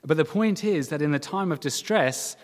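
A man preaching a sermon in an earnest, measured way, with dramatic quoted cries now and then. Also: on the high side, animated, long reverb tail. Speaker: pastor.

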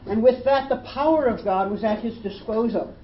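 A woman preaches an emphatic sermon, her voice rising when she quotes scripture. Her voice is slightly high at normal speed, and the recording is roomy and dull with faint hiss.

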